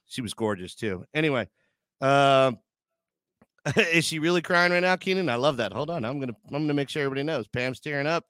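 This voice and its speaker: Bright, crisp-voiced joking male host. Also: medium pitch, lively intonation, fairly quick, dry recording. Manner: joking, crude banter, emotional asides. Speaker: podcast host. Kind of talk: casual live-stream chat.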